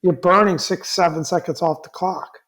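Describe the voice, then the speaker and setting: Male podcast co-host, higher-pitched, rambling and casual, easy to laugh. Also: steady tone, normal speed, a bit bright. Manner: rambling, many fillers and restarts, laughs easily. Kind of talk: casual sports chat.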